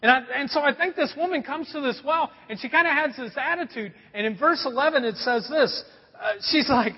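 A man's voice: very high voice, a little fast, in a large hall, highs cut off. A man preaching a sermon, telling stories in a conversational way and asking the audience questions. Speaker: pastor.

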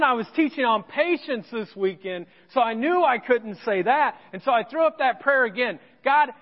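A pastor telling a personal story in a sermon, with self-deprecating humor. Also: male voice, sits high, big-room sound, muffled recording. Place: church sanctuary.

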